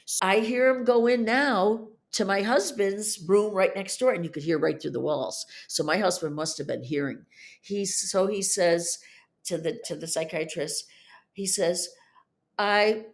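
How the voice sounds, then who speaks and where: A woman in her fifties telling the story of her divorce on a podcast, animated, her voice climbing high when she is upset. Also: moderate pace. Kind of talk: emotional personal storytelling.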